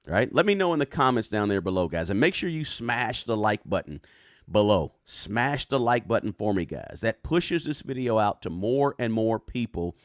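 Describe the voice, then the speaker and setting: Speaking at a moderate pace in a lowish, sing-song voice, a man runs a live stream about personal finance. There's no echo and the sound is studio quality. His tone is casual as he reads out viewer comments, regularly finishing with "right?"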